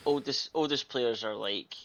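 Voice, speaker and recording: A man's voice: mid-range voice, normal speed, fairly bright tone. A man co-commentating a video game football match, laid-back with tactical remarks and free swearing. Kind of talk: casual sports commentary with banter.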